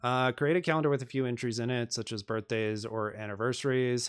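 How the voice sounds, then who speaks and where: A man's voice: mid-range voice, steady tone, a little fast, hardly any pauses, clean tone. A man on a live stream working through programming exercises, reading them aloud and joking with viewers in a self-deprecating way.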